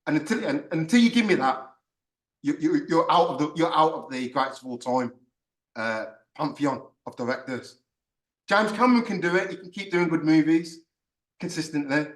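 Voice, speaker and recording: A man ranting in a casual podcast chat, swearing often and getting animated. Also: a little high, moderate pace. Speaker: podcast host. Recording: echoey room, far from mic.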